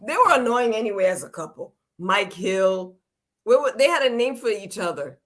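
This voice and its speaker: A woman's voice: mid-range voice, very animated, normal speed. A woman co-hosting a casual gossip chat, blunt and scoffing in her takes. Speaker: co-host.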